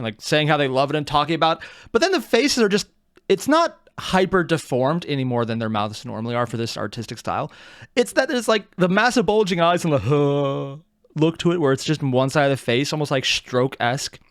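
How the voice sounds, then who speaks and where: A man hosting a reaction video, talking casually with lively swearing and laughing asides. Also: fairly high pitch, fairly quick, no echo, studio quality.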